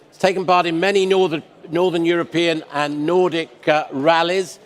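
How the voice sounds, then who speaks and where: A man presenting cars at an auction, describing each lot in a relaxed, chatty way and joking with the auctioneer. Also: fairly high pitch, normal speed. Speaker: car specialist presenting lots. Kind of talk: live auction lot commentary. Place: large exhibition hall auction room. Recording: long hall reverb.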